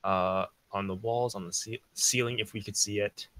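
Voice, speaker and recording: Guy player at a tabletop game, bright voice, stammers a lot, dry close mic. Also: on the low side, steady tone, moderate pace, dry recording. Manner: hesitant, stammering questions. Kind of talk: casual role-play chat.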